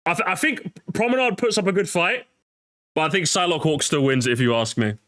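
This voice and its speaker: A young man streaming, reacting to a video with excitable, mocking commentary, laughing often and swearing. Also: fairly high pitch, fairly quick.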